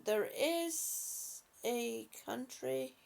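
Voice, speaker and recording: A woman hosting a live stream, speaking softly and affectionately to her viewers with halting, repeated words. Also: a little high, gravelly. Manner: soft, affectionate, calls viewers honey and sweetie. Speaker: livestream host reading viewer comments. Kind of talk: slow casual live chat.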